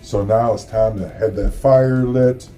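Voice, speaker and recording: A man's voice: lowish voice, steady tone, measured pace, dark tone, soft background music. A middle-aged man from the area, hosting a casual holiday monologue in a rambling, earnest, profane way. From Chicago area. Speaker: host.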